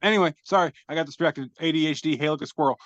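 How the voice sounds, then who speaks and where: A man's voice: fairly high pitch, racing, fairly bright tone, no echo. Rambling man on a dull video call. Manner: rambling, self-deprecating, swears casually. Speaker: podcast host reading memes. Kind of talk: casual chat, describing memes aloud.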